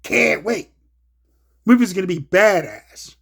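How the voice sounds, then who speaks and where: This solo show host is a man with a gravelly, husky voice who speaks slowly while ranting casually about movies. He swears heavily and swings from low mutters to loud, excited bursts.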